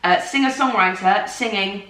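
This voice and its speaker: A woman musical theatre performer co-hosts a casual morning chat about her acting work, talkative and self-deprecating. Her medium-pitched voice is pushed and bright at a moderate pace, captured roomy and off-mic from a distant microphone.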